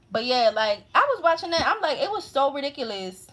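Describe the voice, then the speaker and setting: A woman from Baltimore with a local accent and a fairly high voice talks to her viewers in a loose, rambling way. Her talk is slangy and chatty, full of asides. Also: big pitch swings, brisk, fairly bright tone. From Baltimore, USA. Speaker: astrology channel host. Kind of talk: casual chat to viewers.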